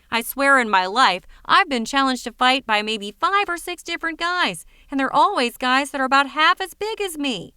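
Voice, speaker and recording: A woman's voice: high voice, pushed and bright, clean tone, no echo, studio quality. A woman voicing a big, cynical, hot-tempered man who rants indignantly. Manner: ranting, indignant.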